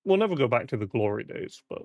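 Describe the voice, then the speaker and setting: A man's voice: mid-range voice, sing-song, fast, dry recording, muffled recording. A young British man casually chatting and rambling on a live stream, swearing often, his voice cracking in the heat. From Britain. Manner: rambling, sweary, with frequent fillers.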